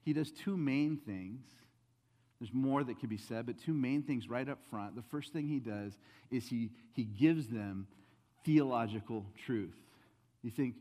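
A man preaching a sermon as pastor, swinging between loud emphatic rises and soft, low asides. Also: unhurried, in a large hall. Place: church sanctuary.

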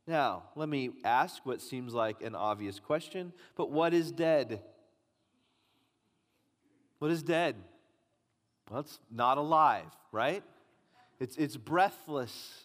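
A man's voice: a little high, expressive, takes it slowly. A man preaching a sermon as pastor, emphatic and pressing his points with repetition. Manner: emphatic preaching, rising and pressing on key lines. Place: church sanctuary. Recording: long reverb of a large hall.

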